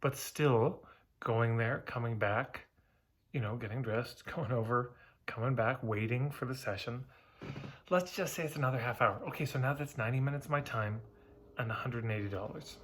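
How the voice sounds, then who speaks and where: A man's voice: medium pitch, a bit bright, slight background noise. A man talking casually and candidly to camera, giving emphatic marketing advice to therapists. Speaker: marketing coach.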